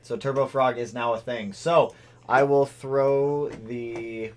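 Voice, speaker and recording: A man hosting a car livestream, chatting casually and excitedly calling out viewers' names. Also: mid-range voice, slow pace, a little hiss or hum. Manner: excitable, shouts out chat names. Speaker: car channel host.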